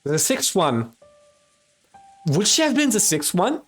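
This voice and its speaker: Animated young man reading a visual novel aloud. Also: high voice, slow pace, faint music behind. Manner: reads narration, then breaks off into casual commentary and swearing. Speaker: streamer.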